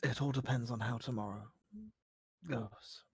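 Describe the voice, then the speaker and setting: A gentle young woman speaks low and hushed, shy and fond of the one she addresses, as the game master puts her on. Her voice sits lower than the narrator's own, with a dry, close sound. She is a tabletop game character. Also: fairly even intonation, unhurried, breathy edge, no room sound. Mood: tender, quiet. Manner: soft and hushed. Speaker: non-player character.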